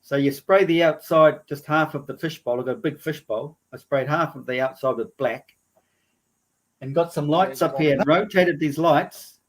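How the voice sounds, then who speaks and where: An excitable man, speaking in a somewhat raised register. He explains his model in a loose, conversational panel-talk way, often breaking off and restarting his sentences. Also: on the high side, moderate pace. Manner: excitable, trailing off mid-sentence. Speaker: guest presenter. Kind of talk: casual panel discussion.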